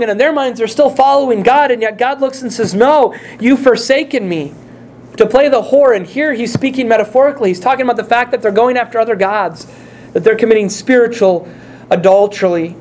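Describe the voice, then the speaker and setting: A man's voice: extremely high pitch, darkish tone. A male pastor preaching a sermon, speaking earnestly and putting direct questions to his congregation.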